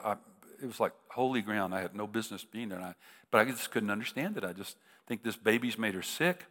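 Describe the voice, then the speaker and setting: A man of about seventy, a preacher telling a personal story, halting and restarting, rising into emotional peaks. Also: on the low side, a bit bright. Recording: long reverb of a large hall.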